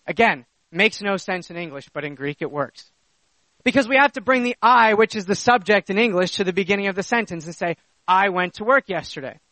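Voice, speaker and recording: A man's voice: high voice, expressive, brisk, sharp tone, no echo, low-quality recording. A man preaching a sermon, teaching step by step in an emphatic, explanatory way.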